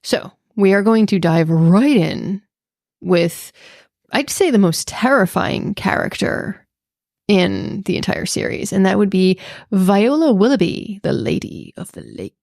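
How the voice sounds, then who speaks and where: Woman, podcast co-host, gravelly voice, dry close sound, animated chat. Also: mid-range voice, measured pace, no echo.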